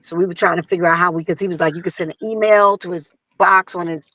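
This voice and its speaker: A woman singer telling a story in casual conversation, acting out other people's lines in a higher voice. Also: fast, no room sound, rough recording. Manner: animated, acts out quotes in a higher voice. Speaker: guest singer.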